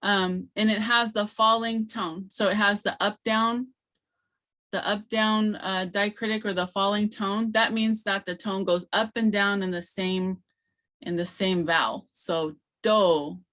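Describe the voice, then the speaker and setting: A woman leads an online training session for teachers and explains each sound patiently. She talks slowly and fills her pauses with many "um"s. Her voice comes through a computer mic on a video call. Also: mid-range voice, steady tone, a bit bright.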